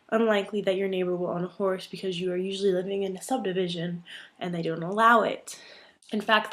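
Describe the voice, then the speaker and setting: A young woman from Texas, vlogging casually to camera in a chatty, emphatic and slightly exasperated way. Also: medium pitch. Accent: none, mostly standard American. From Texas, USA. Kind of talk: casual talking-to-camera vlog.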